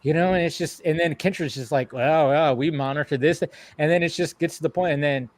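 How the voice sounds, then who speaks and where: A man hosts a casual film chat with excitable energy, laughing often and swearing freely. His voice sits a little high and sounds close and dry. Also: quick pace, no room sound. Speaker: stream host.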